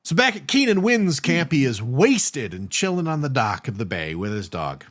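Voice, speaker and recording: A man's voice: medium pitch, big pitch swings, normal speed, fairly bright tone. A man co-hosting a podcast, recapping a film's plot in casual chat with wry asides. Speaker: podcast co-host.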